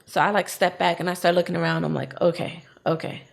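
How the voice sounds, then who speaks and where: Gravelly low woman telling a story. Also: fast talker. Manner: animated, acts out what she and others said. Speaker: podcast co-host. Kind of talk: casual storytelling chat.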